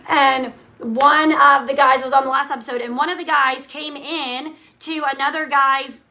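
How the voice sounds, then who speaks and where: A woman talks straight into the camera as a direct sales leader, coaching her team. Her voice sits high and sounds bright and sharp. She is emphatic and keeps checking in with "okay?" after each point. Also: steady tone, measured pace. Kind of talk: motivational talk to camera. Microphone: camera mic, speaking to camera.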